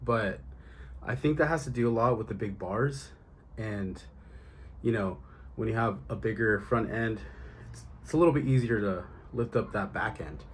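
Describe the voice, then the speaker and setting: A man's voice: on the low side, moderate pace, long pauses, a little hiss or hum. A man in his thirties or forties, out of breath after riding, rambling casually with lots of ums in an outdoor vlog. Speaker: BMX rider vlogger. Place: outdoors on a street.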